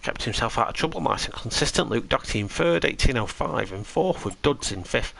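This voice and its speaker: A man's voice: mid-range voice, expressive, brisk, vocal fry, fairly bright tone, rough recording. A tired man giving chatty, rambling commentary on a live sim racing stream and answering his chat.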